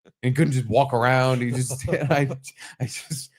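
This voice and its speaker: A man co-hosting a casual podcast, telling stories in an animated way, swearing freely and acting out his own startled yelps. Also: mid-range voice, measured pace. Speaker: podcast co-host. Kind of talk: casual chat.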